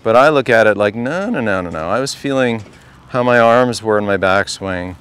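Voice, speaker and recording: Chatty golf coach, smooth clear voice. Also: male voice, on the low side, lively intonation, moderate pace, a bit bright. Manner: conversational, keeps asking the group questions. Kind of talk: outdoor golf clinic talk to a group. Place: outdoor golf practice range.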